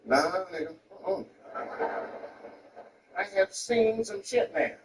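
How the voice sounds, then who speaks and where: A male comedian tells profane stories in a lively, high-pitched voice and keeps jumping into other voices. He sounds far from the mic on a roomy live stage, with a faint hum of noise behind him. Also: takes it slowly. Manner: animated, profane storytelling with voices. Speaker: stand-up comedian. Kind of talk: stand-up comedy routine. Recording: distant, roomy live recording.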